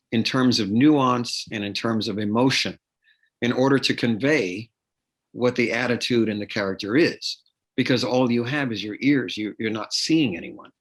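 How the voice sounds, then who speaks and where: A man's voice: mid-range voice, husky. A man, an actor, being interviewed on a podcast, explaining at length with frequent fillers and restarts. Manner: explanatory, repeats words, many fillers and restarts. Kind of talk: interview conversation.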